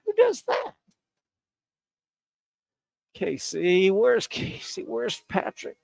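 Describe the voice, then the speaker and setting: A man bantering through a sports radio trivia game, his fairly high voice leaping all over the place. He goes from shouting to mumbling and jokes constantly. The studio sound is close and dry. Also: drawn-out words, gravelly, no echo. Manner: loud, excitable, jokey, swings between shouting and mumbling.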